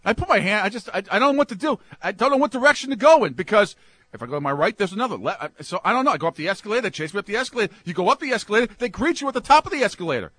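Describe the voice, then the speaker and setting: A man hosting a sports talk show, ranting in a comic, exasperated way and swinging from low mutters up to yelps. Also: sing-song, racing, a bit bright, slightly rough, no echo.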